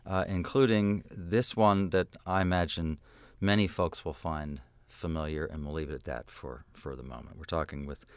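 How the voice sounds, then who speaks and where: Low-voiced male radio host, chatty and friendly, dry studio mic. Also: steady tone, moderate pace, clean tone, no echo. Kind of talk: casual radio interview.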